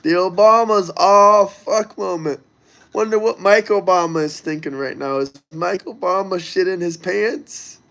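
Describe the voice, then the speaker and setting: A man's voice: high voice, unhurried, vocal fry, a bit bright. A man hosting a casual livestream, talking loosely and crudely straight to his viewers as he reads the chat. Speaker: livestream host reading chat.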